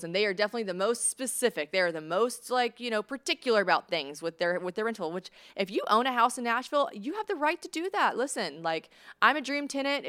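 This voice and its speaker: A woman from the American South with a Southern accent, hosting a podcast and telling stories in a chatty, animated way with lots of fillers. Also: on the high side, smooth. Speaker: podcast host. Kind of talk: casual storytelling chat.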